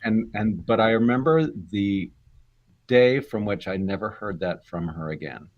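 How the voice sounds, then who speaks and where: An older actor being interviewed, chatting in a rambling, self-deprecating way. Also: male voice, fairly low pitch, measured pace, muffled recording. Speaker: guest actor. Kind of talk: casual interview chat.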